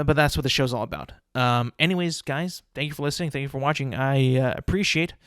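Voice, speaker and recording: A man's voice: mid-range voice, no room sound, studio quality. A young man hosting a solo podcast, ranting casually with lots of swearing, fillers and restarts. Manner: rambling, profane, many fillers and restarts. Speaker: podcast host.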